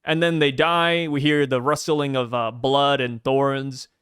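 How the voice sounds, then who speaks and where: A man's voice: medium pitch, flat delivery, measured pace, fairly bright tone, clean tone, no room sound, clean studio sound. A man co-hosting a podcast who recaps a comic chapter in casual chat, slipping into put-on character voices. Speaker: podcast co-host.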